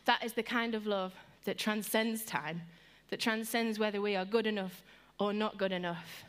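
A woman giving an earnest sermon, repeating phrases and slowing down to stress them, lively when she tells stories. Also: medium pitch, smooth. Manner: earnest and repetitive, slowing for emphasis; animated when telling stories. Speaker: speaker giving a devotional talk.

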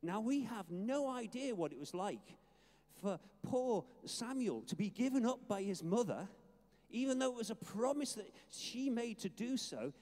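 An older retired minister preaching a sermon, reading scripture in an earnest, emphatic way with some hesitant restarts. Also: male voice, high voice, animated, unhurried, darkish tone, in a large hall. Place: church.

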